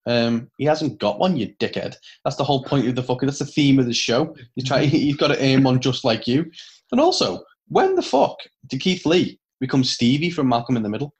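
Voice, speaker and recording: A man's voice: mid-range voice, sing-song, fairly quick. A man co-hosting a casual wrestling review podcast, ranting and swearing, often breaking into laughter. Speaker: podcast co-host.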